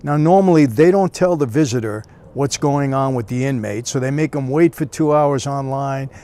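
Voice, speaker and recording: A man's voice: medium pitch, moderate pace, warm tone. A man telling a personal story in a casual, conversational way, often dropping in "you know.". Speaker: storyteller recounting prison years.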